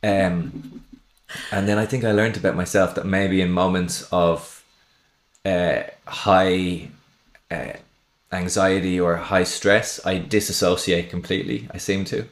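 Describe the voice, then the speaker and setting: A man's voice: low-pitched, steady tone, measured pace, reverberant. A man hosting a casual podcast chat, telling a long story in a rambling way and laughing at his own jokes. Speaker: podcast host.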